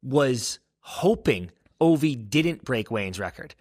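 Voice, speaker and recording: A man's voice: mid-range voice, expressive, slow, darkish tone. A man co-hosting a podcast, chatting casually and emphatically, with some swearing. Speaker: podcast co-host. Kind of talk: casual sports chat.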